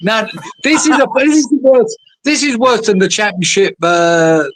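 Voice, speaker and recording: A man's voice: sits high, expressive, normal speed, crowd noise, poor audio. A man hosting a fan talk show, chatty and sweary, laughing along with his co-hosts. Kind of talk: casual chat.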